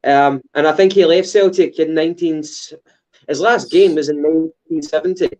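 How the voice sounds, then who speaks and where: A man's voice: on the high side, moderate pace, darkish tone. A Scottish man co-hosting a casual football podcast, hesitant with many fillers and restarts. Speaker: podcast co-host.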